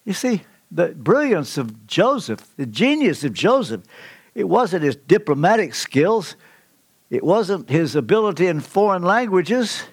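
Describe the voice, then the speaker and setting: An older man preaching a sermon, telling stories with emphatic swings in pitch. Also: big pitch swings, unhurried, vocal fry, husky, dry recording. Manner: storytelling, emphatic with sudden pitch leaps.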